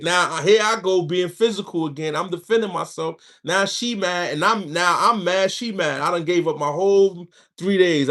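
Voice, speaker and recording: Man livestreaming spiritual advice, voice a bit on the high side, loose and slangy, telling stories to the chat. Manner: animated storytelling with slang and asides to viewers. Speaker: livestream host. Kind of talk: casual spiritual advice talk.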